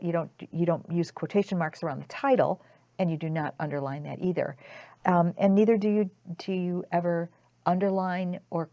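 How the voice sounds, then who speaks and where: A woman's voice: fairly low pitch, dark tone, no echo. A woman tutor explaining a grammar lesson in a careful way, with frequent restarts. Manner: slow, careful, with repeated restarts. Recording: dull lo-fi dry recording.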